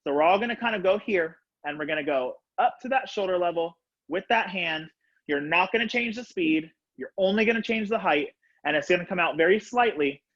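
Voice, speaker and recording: A young man teaching a color guard class over a video call from his home, upbeat and casual, counting out loud and coaching students by name. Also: high-pitched, animated, a little fast. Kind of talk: live online class instruction. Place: home room, on the floor. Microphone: laptop webcam on a video call. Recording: dull lo-fi video call audio.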